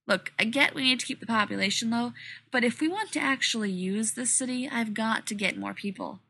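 A brusque, impatient male scientist who gives orders in short, clipped bursts, as a woman reads him. The voice is bright and a little husky. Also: fairly high pitch, fairly quick, heavily acted. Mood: curt. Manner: curt and demanding.

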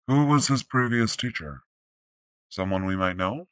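A woman voicing a grave, solemn male alien Jedi master in a fan fiction audiobook, speaking slowly. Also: very deep voice, expressive, no echo, pitched below the performer's own voice.

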